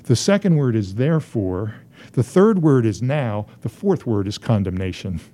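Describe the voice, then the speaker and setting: A man's voice: on the low side, very animated, normal speed, dark tone. A man preaching a sermon as a pastor, driving his points home through emphatic, rising repetition.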